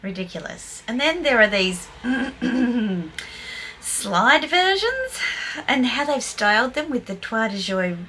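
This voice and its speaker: A woman's voice: fairly high pitch, sing-song, slow, bright, forceful tone, slight background noise. Blunt older woman vlogger. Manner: blunt, scathing, playful. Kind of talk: opinionated fashion commentary.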